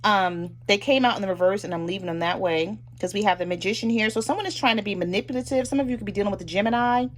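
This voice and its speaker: Chatty woman giving a tarot reading. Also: medium pitch. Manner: chatty, acts out both sides of a relationship in quick asides. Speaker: tarot reader. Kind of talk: casual tarot reading to camera.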